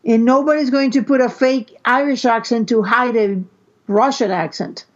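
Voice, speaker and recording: A fairly high-voiced woman talks through her fan theories on a podcast, often stopping and starting her sentences. Her audio is dull and a bit muffled. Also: steady tone, moderate pace. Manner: theorizing, restarts a lot. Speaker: podcast co-host. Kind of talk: casual podcast chat. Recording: muffled lo-fi sound.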